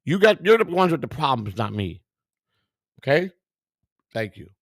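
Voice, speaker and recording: A man's voice: on the high side, sing-song, normal speed, vocal fry, no echo, clean studio sound. A tired man hosting a live stream, reading viewer comments and firing back at them in a combative, profane way. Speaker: livestream host.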